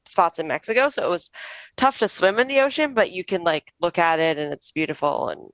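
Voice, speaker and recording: A woman's voice: fairly low pitch, brisk, fairly bright tone, dry recording, lo-fi sound. A young woman co-hosting a podcast, chatting casually and recommending a wine with lots of fillers. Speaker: podcast co-host.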